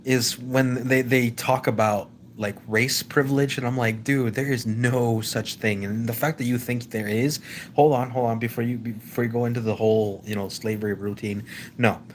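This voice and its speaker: A man hosts a live stream in a rambling, off-the-cuff opinion monologue, stumbling and restarting often while repeatedly hailing his viewers as "ladies and gentlemen." His mid-range voice keeps a fairly even intonation at a normal pace, over a slight hiss or hum.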